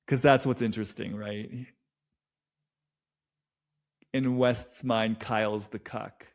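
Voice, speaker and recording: A man's voice: on the low side, steady tone, slow pace, creaky, pauses often. A young man talking through a reality show in a loose, rambling monologue, full of fillers and restarts, swearing freely. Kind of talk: casual analytic monologue.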